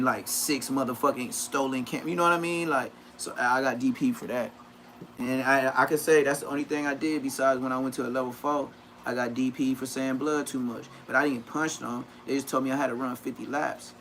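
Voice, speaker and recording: A man's voice: mid-range voice, brisk, slight background noise. A man, telling profane stories on a casual livestream and acting out what people said in a raised voice. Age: 30s. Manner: animated, profane, acts out quotes in a raised voice.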